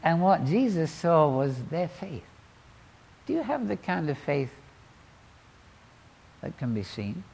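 A man preaching a sermon, telling the story dramatically and swinging between loud exclamations and quiet asides. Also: a little high, sing-song, slow pace, creaky, long pauses, a little hiss or hum.

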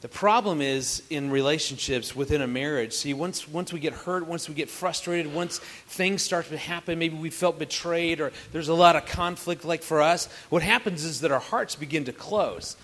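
Animated, joking male marriage speaker. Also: fairly high pitch, normal speed, hardly any pauses. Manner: animated, joking, asks the audience questions. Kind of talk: storytelling talk to a live audience.

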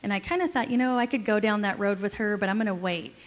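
A woman's voice: medium pitch, quick pace. A woman co-presenting at a marriage event, telling a family story in a wry, conversational way. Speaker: marriage conference co-speaker. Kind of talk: storytelling talk to a live audience.

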